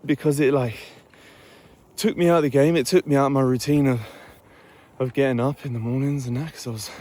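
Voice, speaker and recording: A man's voice: mid-range voice, steady tone, fairly quick, a little mellow. Laid-back young man with an Essex accent. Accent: Essex English. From Essex, England. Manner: rambling, laid-back, swears freely. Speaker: fitness vlogger. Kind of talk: casual vlog talk. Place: outdoors on an early morning walk.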